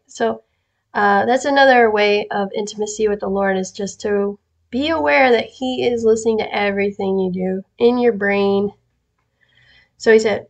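A woman's voice: medium pitch, fairly even intonation, moderate pace, vocal fry, dull audio. A woman reading out prophetic messages she says she receives, with sudden stresses on words and a slangy, casual way of talking. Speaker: Christian prophetic speaker.

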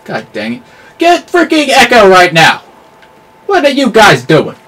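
A man giving live commentary over his own gameplay, excitable and yelling at the game, with clean substitute swears. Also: high voice, unhurried. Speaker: gamer.

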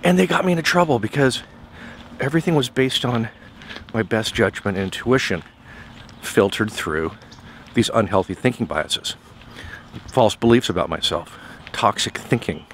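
Lively man vlogging on a walk. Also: medium pitch, normal speed, pauses often, a little hiss or hum. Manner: animated storytelling, repeats words. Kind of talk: casual motivational vlog. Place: outdoors on a walk.

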